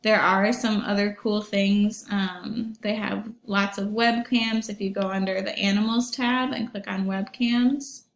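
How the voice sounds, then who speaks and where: A young woman teacher walks her pupils through a website in a recorded online lesson. She sounds chatty and upbeat, and her voice has a gravelly edge. The room around her is echoey. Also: mid-range voice, steady tone, measured pace, hardly any pauses. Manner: chatty, upbeat, many ums, asides to pupils. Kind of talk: recorded online class walkthrough.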